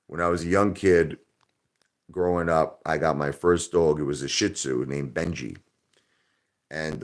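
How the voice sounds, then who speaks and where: A man hosting a live stream in casual, rambling talk, joking loudly at times and turning quiet and somber at others. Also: rumbling low. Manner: loud, joking, rambling, swings into soft somber tones.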